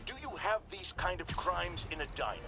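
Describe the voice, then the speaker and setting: A pompous middle-aged newsman who lectures and rants at everyone. His voice sits high and swings widely with emphasis, and game music plays behind him. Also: lively intonation, brisk, gravelly. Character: blustering middle-aged male news ranter.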